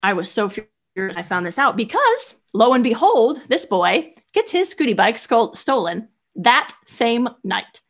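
Young woman guest; animated, filler-heavy storyteller. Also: fairly high pitch, measured pace. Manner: animated, chatty, many "like" fillers. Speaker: guest, solo traveler. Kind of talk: casual storytelling.

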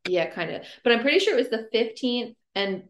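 A woman's voice: fairly high pitch, animated, brisk. A young woman co-hosting a podcast, chatting casually and reacting with jokes. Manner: reactive, joking. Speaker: podcast co-host. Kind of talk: casual chat.

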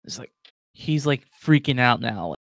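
Man, game master, rambling narration, filler-heavy, mid pitch, dry sound. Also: animated, unhurried, fairly bright tone, no echo.

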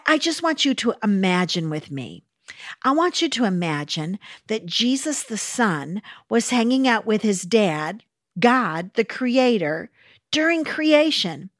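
A woman's voice: fairly high pitch, dry recording, studio quality. A woman preaching a sermon in an earnest, encouraging way, stressing her points with repetition.

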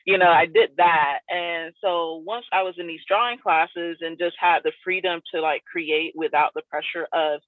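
A woman's voice: fairly low pitch, steady tone, moderate pace, few pauses, dry recording. A woman from South Florida, a guest artist in a casual interview, talking in a loose, rambling way full of fillers. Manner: loose and rambling, many "like" and "you know" fillers. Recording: dry, tinny phone-like line.

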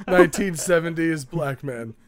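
A young man in casual comedic banter, teasing his friends and quick to laugh. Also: a little high.

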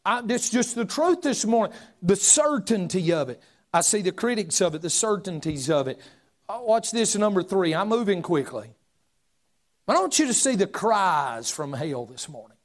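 A middle-aged pastor preaches with a high, ringing voice. He shouts some points and then drops to a near hush for emphasis, in a fiery revival style. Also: big pitch swings, moderate pace.

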